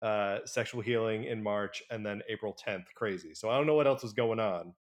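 A man's voice: fairly low pitch, moderate pace. A man co-hosting a casual rewatch podcast, easygoing and a little hesitant, laughing often. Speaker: podcast co-host.

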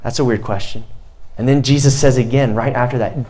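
A man preaching a sermon to a youth group. He talks casually, then builds to loud, emphatic preaching and repeats lines for emphasis. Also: mid-range voice, fairly even intonation, fairly quick. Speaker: youth pastor.

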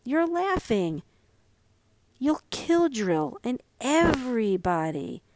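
A woman voicing an excitable, scheming little girl who talks eagerly and a bit whiny in a storybook reading. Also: a little high, slow, slight background noise, pitched above the performer's own voice. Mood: excited.

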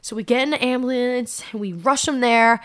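A woman's voice: on the high side, a little fast, a bit bright. A young woman telling a personal story in an emotional, intense way, her voice climbing when she gets upset.

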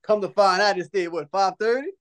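A man's voice: sits high, a little fast. A man hosting a podcast, telling a long story in casual chat. He laughs often, swears and jokes freely, and acts out other people's lines in changed voices. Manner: animated, laughing often through his story; profane and joking. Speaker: podcast host.

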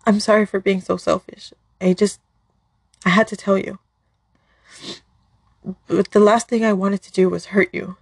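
A woman's voice: mid-range voice, flat delivery, measured pace, pauses often, slightly rough, no echo, studio quality. A woman reading as a pleading young man. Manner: pleading, voice breaking. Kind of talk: storybook dialogue read aloud.

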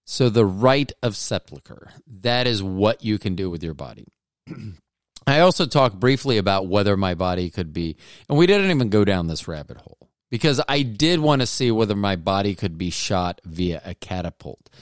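A man's voice: fairly low pitch, animated, moderate pace, clear, resonant tone, no echo. A male podcast host talking in a casual, rambling monologue full of self-mocking, jokey asides, close on the mic.

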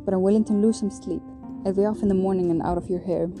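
A woman reading the part of a nervous, eager young male scribe who talks in a hurried, hesitant way, with guitar music behind. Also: medium pitch, steady tone, natural voice. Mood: flustered.

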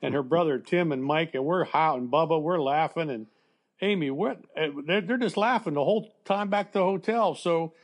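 Speaking at a normal speed with a fairly high-pitched voice, an older man and ex-baseball coach recounts a personal story for a podcast interview. It's emotional, conversational, and plainspoken, with fillers and restarts.

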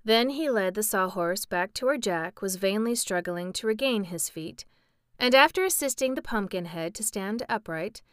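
A woman narrating a classic children's story in a steady, clear reading voice. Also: mid-range voice, moderate pace, no room sound, clean studio sound. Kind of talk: audiobook storytelling.

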